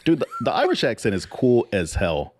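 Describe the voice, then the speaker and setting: A man co-hosting a podcast in casual chat, animated and profane, laughing often. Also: mid-range voice, moderate pace. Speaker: podcast co-host.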